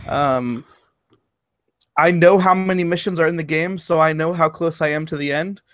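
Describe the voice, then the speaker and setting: A man's voice: a little high, normal speed, no room sound, clean studio sound. Laid-back man co-hosting a podcast. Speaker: podcast co-host. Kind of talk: casual gaming podcast chat.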